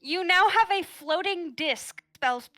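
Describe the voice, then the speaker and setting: A woman's voice: very high-pitched, expressive, measured pace, bright, forceful tone, faint music behind. A woman narrating a tabletop game as dungeon master, often breaking off to laugh.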